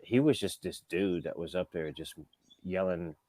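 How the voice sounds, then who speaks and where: A man with a lowish voice telling stories in an easygoing, rambling way as an interview guest, filling the gaps with "like" and "you know." The sound is close and dry, with no room around it. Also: normal speed, mellow, no room sound. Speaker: skateshop owner, interview guest. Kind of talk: casual storytelling in a sit-down interview.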